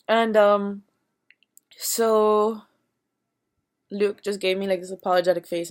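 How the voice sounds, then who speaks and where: A woman's voice: mid-range voice, steady tone, a little fast, a bit bright. A young woman in her early twenties telling a rambling storytime, swearing freely and acting out what everyone said. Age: young adult. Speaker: vlogger. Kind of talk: casual storytime.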